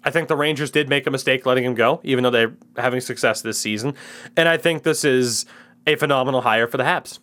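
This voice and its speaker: A man's voice: medium pitch, quick pace, a bit bright. A man in his twenties, co-hosting a casual sports chat and giving opinionated takes. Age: 20s. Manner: opinionated, ranting, swearing. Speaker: podcast co-host.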